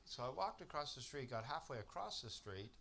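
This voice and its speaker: A man from Canada doing a stand-up set on a comedy club stage, telling exasperated stories that build to shouted punchlines. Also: medium pitch, big pitch swings, brisk, vocal fry. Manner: exasperated storytelling, swearing, rising to shouted punchlines. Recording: live club recording with audience noise.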